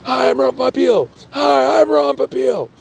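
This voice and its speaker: A man putting on the voice of a pushy male TV pitchman, selling in a shouted pitch. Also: very animated, unhurried, creaky, husky, heavily acted.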